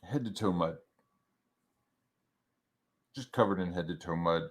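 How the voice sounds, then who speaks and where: A man's voice: low-pitched, unhurried. A man hosting a livestream show, casually telling stories about being a father, swearing freely and restarting his sentences. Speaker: father of young daughters.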